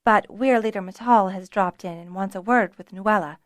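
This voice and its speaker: A woman's voice: mid-range voice, moderate pace, no room sound, studio quality, natural voice. A woman voicing a plucky, frank young noblewoman dragonrider with a good-humored manner. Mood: earnest.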